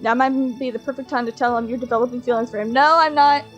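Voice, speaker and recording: A woman reading a dating game's text aloud as she plays, excitable and quick to laugh, with mock outrage. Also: on the high side, soft background music. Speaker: gaming streamer. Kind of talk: let's play commentary, reading game text aloud.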